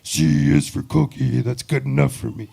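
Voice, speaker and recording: A man voicing a gloomy, cookie-loving male puppet monster in a slow, mopey sung parody with a gravelly growl. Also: medium pitch, steady tone, dark tone. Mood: singing.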